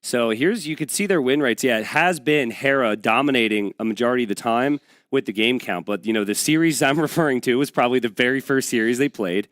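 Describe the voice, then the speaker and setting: A man's voice: mid-range voice, fairly quick, fairly bright tone, no room sound, clean studio sound. A man casting a strategy game tournament, upbeat and chatty as he sets up the next match. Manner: upbeat, chatty, hypes the players. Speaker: esports caster. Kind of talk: esports commentary.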